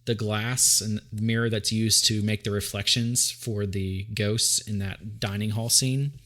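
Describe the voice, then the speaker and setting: A man's voice: fairly low pitch, fairly even intonation, measured pace, a bit bright. Man, podcast host, from Tennessee, playful, casual chat, rambling restarts. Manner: playful, trails off and restarts, breaks into sung jingles.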